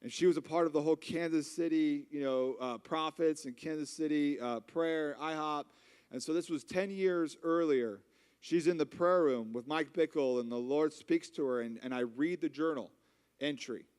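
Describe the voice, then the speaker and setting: Guy in his 30s preaching, joking story about himself, kinda high voice, big echoey church hall. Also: moderate pace, a little mellow, clean tone. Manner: humorous, self-mocking storyteller. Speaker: conference speaker. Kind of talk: storytelling sermon. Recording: long reverb of a large hall.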